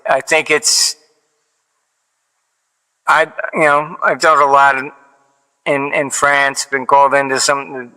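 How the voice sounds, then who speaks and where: A man's voice: mid-range voice, sharp tone, clean tone. A man telling long stories in casual talk, full of fillers and restarts, who acts out the quoted back-and-forth of each anecdote with a dry delivery. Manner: rambling, many fillers and restarts. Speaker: financial analyst guest. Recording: long hall reverb.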